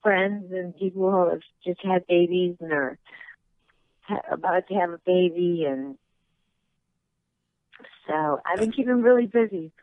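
A woman's voice: on the low side, measured pace, pauses often, no room sound. A woman guest chatting by phone, out of breath, telling stories and laughing easily. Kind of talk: casual phone interview. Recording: tinny phone line.

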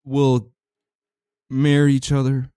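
A man's voice: mid-range voice, monotone, dark tone. A man co-hosting a comedy podcast, wry and teasing, drawing his words out. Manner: wry, teasing, drawn-out delivery. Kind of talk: improvised comedy banter.

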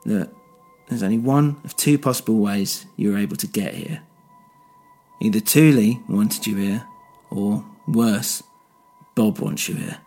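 Man reading a cynical old fake cop, scornful and low-voiced. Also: a little slow, pauses often, mellow, soft background music. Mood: grim. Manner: bitter, scornful. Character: bitter, world-weary old man posing as a policeman.

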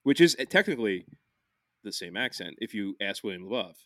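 A man's voice: fairly low pitch, very animated, a little fast, fairly bright tone, dry recording, clean studio sound. Rambling man. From Philadelphia, USA. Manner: rambling, swears freely, many restarts. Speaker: podcast host. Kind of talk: casual podcast chat.

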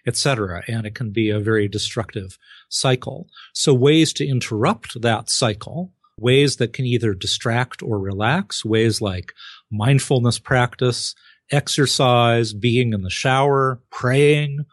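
A man answering as a guest expert in an interview, explaining clearly and acting out short examples with exclamations. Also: medium pitch, unhurried, no echo, clean studio sound. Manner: lively, acts out examples with exclamations.

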